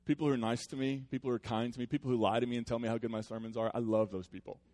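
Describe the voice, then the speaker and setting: A pastor preaches to his congregation conversationally and earnestly, dropping into soft, reflective passages. His medium-pitched voice stays steady in tone while racing ahead.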